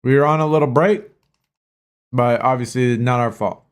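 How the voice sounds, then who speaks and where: A livestream host playing a mobile game rambles and bickers with his chat, sprinkling in casual profanity. He talks at a moderate pace in a smooth, medium-pitched voice.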